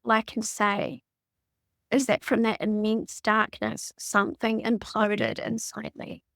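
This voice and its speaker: A woman's voice: medium pitch, a little slow, creaky, a bit bright, dry recording, clean studio sound. A middle-aged woman telling her personal story as a podcast guest, earnest and emotionally open. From New Zealand.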